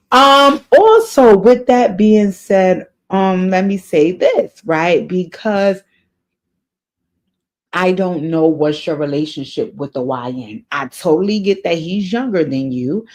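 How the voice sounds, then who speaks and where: A woman's voice: on the low side, takes it slowly. An earnest woman hosts an advice show, answering a viewer's letter in casual spoken counsel. She talks in an encouraging, faith-minded way and repeats her key points for emphasis. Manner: spiritual advice. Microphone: off camera, voice only.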